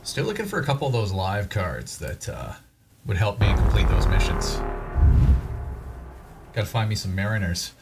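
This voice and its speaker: Low-voiced man musing over card packs. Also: big pitch swings, normal speed, long pauses. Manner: wry, self-deprecating, thinks aloud. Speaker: gaming channel host. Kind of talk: casual game commentary while opening card packs. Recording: voice over loud background music.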